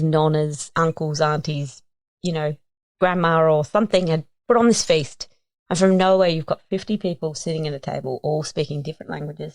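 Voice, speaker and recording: An Australian woman in her thirties tells a story on a podcast. Her voice is low and she talks in an animated, casual way, slipping into other people's voices as she goes. The sound is dry and close to the mic. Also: no echo. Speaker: guest.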